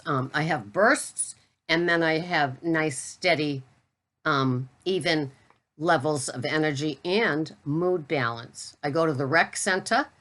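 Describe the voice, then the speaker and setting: A woman with a Boston accent, a keto coach chatting casually to camera in a vlog, talking in a loose, halting way with pauses mid-thought. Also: low voice, fairly bright tone.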